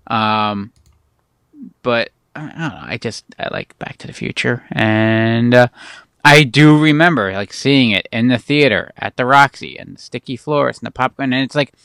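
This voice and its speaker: A man co-hosting a podcast in casual chat, halting and repeating words as he thinks aloud. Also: medium pitch, vocal fry, a bit bright, clear, resonant tone, no room sound, clean studio sound. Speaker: podcast co-host.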